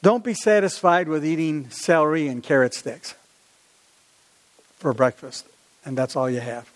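A middle-aged man preaching a sermon as pastor, animated, climbing to emphatic peaks and sinking low again. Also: a little slow.

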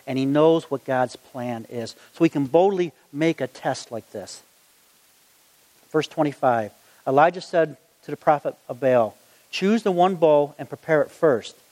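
Animated preacher in an echoing hall. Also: male voice, fairly high pitch. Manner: animated, acts out the story in voices. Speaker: gospel magician preacher. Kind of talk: sermon with Bible reading. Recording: long hall reverb.

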